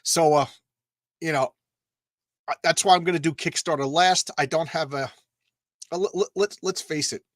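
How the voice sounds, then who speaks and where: A comics channel host runs a live stream, talking casually in a rambling, emotional way with frequent stammers and restarts. His voice is a little high, his pace moderate with long pauses, and the sound has no echo.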